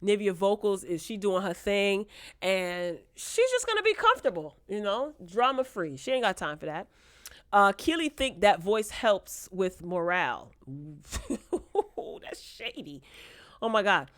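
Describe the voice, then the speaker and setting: A woman's voice: medium pitch, very animated, unhurried, no echo, studio quality. A woman talking casually and bluntly in a sassy, playfully shady review vlog about a reality show.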